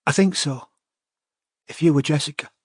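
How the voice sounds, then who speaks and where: A man's voice: a little high, normal speed, no room sound, studio quality, pitched above the performer's own voice, lightly acted. A terrified young woman's whisper, voiced by a man. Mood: scared whisper. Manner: breathy shaking whisper.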